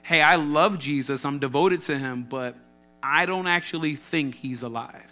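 A man reading as a forceful, pleading grieving woman. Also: medium pitch. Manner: reads her aggressively.

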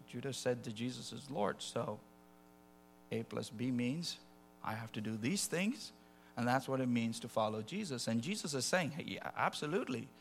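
Delivering a sermon in an animated, conversational way, this man shifts between quiet asides and loud, dramatized quotes. His voice is mid-range and creaky.

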